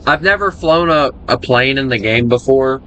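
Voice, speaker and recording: Chatty, bright-voiced American man gaming. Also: mid-range voice, lively intonation, moderate pace, a little hiss or hum. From United States. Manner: chatty, joking, rambling. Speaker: gaming streamer. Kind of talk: casual gameplay commentary.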